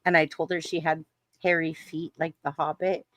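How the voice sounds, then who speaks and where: A woman's voice: low-pitched, little pitch movement, normal speed, noisy background. Chatty, enthusiastic woman panelist. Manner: enthusiastic, chatty, repeats words. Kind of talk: casual panel chat.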